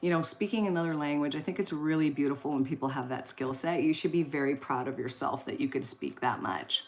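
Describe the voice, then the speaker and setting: A woman's voice: deep voice, fairly quick. A woman in her forties hosting a casual live stream, chatting and reading out viewer comments in a rambling way with lots of fillers. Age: 40s.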